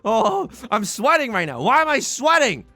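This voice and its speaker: A young man commentating his own game as he plays, anxious and pleading, often begging out loud and exclaiming. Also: very high-pitched, big pitch swings, brisk, no room sound. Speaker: let's play host. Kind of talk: live gameplay commentary.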